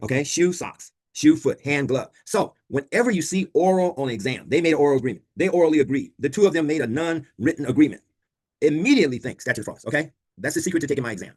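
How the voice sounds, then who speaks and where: A man's voice: a little high, expressive, fast talker, a little mellow, breathy edge. A man teaching a law class over a video call, quizzing students and repeating key points. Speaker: law instructor. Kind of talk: online class lecture.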